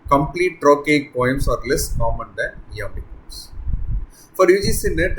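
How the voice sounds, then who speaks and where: Male tutor for a scripted lesson, medium pitch, measured delivery with a slight hiss behind. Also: poor audio. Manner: measured, stresses rhythms when reciting verse. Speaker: literature exam tutor. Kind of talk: scripted lecture narration.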